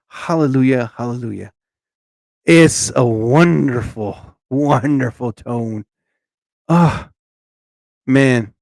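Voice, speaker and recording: A man chats on his live stream in a loose, rambling way, greeting viewers by name as he goes. His voice sits a little high. The sound is dry and close, with no room echo. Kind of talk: casual live-stream chat.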